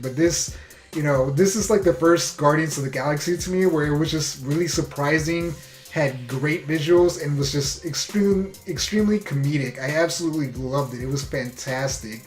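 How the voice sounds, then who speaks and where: A man's voice: a little high, reverberant. A man giving a casual, enthusiastic movie review, filling his talk with "you know" and "like".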